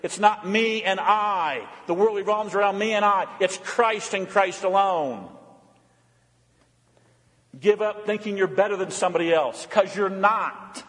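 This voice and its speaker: A male pastor delivering an emphatic sermon in a church, repeating refrains and moving between loud appeals and quiet, hushed lines. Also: high voice, in a large hall.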